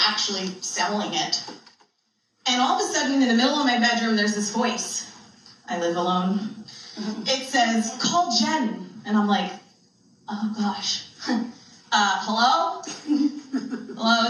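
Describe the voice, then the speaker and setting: A woman's voice: a little high, fairly bright tone, a little hiss or hum. A woman telling a funny spiritual story in a chatty style, laughing often between lines. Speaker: spiritual speaker. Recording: very echoey room, distant mic.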